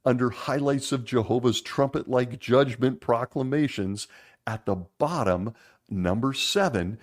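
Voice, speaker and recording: A man hosting a casual monologue, making wry sarcastic asides and laughing as he talks, slowing down to stress points. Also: medium pitch. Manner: laughs often while talking; lively and animated, slowing down for emphasis. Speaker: podcast host.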